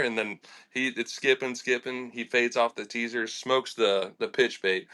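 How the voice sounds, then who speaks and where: Man, lively storyteller, bright voice. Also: mid-range voice, fairly quick. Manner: animated and laughing, with lots of fillers and acted-out quotes. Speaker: fishing charter captain. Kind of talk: casual storytelling in a podcast interview.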